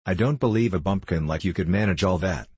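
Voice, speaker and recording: A loud, triumphant master thief with a low, husky voice, as an audiobook reader puts him on. He mocks and crows with swaggering force, recorded dry and close. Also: a little fast, no room sound. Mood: threatening. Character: boisterous gloating master thief, large man. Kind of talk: audiobook character reading.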